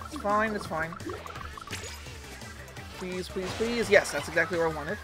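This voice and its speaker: A woman's voice: fairly low pitch, a little slow. A woman giving casual running commentary while playing an online game, reacting aloud as she plays. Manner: chatty, reacts aloud to the match. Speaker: gaming streamer. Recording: game music behind the voice. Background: game music.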